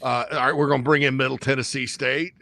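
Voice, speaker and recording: A man co-hosting a casual sports talk show, rambling and joking with sudden jumps in pitch. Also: little pitch movement, quick pace, vocal fry, pushed and bright.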